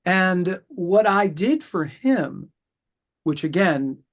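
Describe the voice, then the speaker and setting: Slow-talking, higher-voiced man. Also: sing-song. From New York. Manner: measured and reflective, with pauses and restarts. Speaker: pediatrician. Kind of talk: conversational interview explanation.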